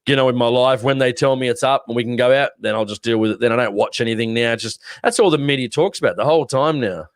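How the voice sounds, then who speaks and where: An Australian man hosting a podcast, chatting casually and telling a rambling, animated army story. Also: mid-range voice, fast, hardly any pauses, no echo, studio quality. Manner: rambling, animated storyteller who acts out shouting. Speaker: podcast co-host.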